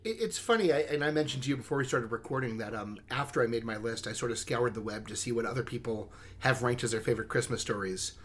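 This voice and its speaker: A man's voice: medium pitch, fast, hardly any pauses, a bit bright. A man co-hosting a podcast, chatting casually and thoughtfully about comic stories. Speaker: podcast co-host. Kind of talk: casual chat.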